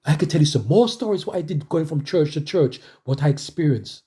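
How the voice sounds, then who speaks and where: Emphatic male preacher, mellow voice. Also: on the high side, expressive, fairly quick. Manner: emphatic, conversational, repeats phrases for emphasis. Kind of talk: sermon testimony.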